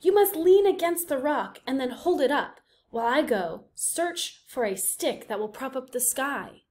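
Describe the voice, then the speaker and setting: A woman's voice: high voice, lively intonation, unhurried, a little mellow, voice pushed up. A woman voicing a sly male rabbit trickster from a read-aloud folktale, speaking with mock-serious urgency. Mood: urgent.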